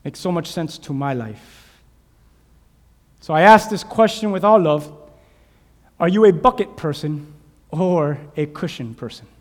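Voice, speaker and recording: A man preaching a sermon, animated, acting out shouted voices from Bible stories. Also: on the high side, measured pace. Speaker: pastor. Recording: long hall reverb.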